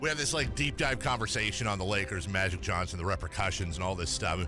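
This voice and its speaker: A low-voiced man hosts a sports radio show in a studio, heard over music through a studio microphone. He trades jokes and self-mocking banter with his co-host, laughing quickly.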